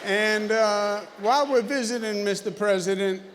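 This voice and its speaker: A man's voice: high-pitched, normal speed, noisy background. A man giving a speech at a ceremony, joking and emphatic. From New York. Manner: joking, then emphatic and forceful. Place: large banquet hall. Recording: echoey hall.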